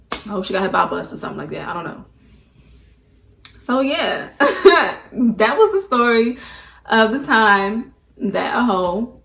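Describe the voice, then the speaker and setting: A woman's voice: medium pitch, fairly bright tone, a little hiss or hum. Emphatic young woman vlogger telling a story. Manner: emphatic, peppers talk with "like". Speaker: beauty vlogger. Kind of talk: casual storytime monologue. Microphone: camera mic, talking to camera.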